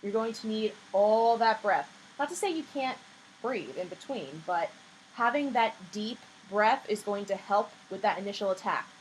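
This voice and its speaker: A woman's voice: mid-range voice, lively intonation, normal speed. A woman voice teacher giving a singing lesson in a patient, coaching way, her voice a little scratchy. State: slightly scratchy voice.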